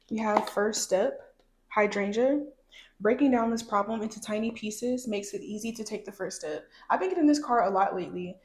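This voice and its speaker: A woman's voice: medium pitch, darkish tone. A young woman casually chatting through a tarot card reading, talking straight to her viewers. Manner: chatty, talks to viewers directly. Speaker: tarot reader. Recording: echoey room.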